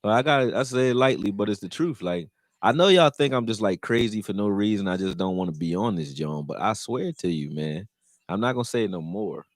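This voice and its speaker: A man hosting a live stream, chatting loosely with slang and getting loud and heated when reacting to plays. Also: fairly low pitch, lively intonation, fairly quick, no room sound, clean studio sound. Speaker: livestream host reacting to a football game. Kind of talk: casual live commentary chat.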